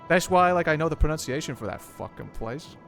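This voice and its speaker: A man's voice: on the high side, animated, fairly quick, fairly bright tone, faint music behind. A man streaming a game, chatting casually in a rambling, profane, joking way.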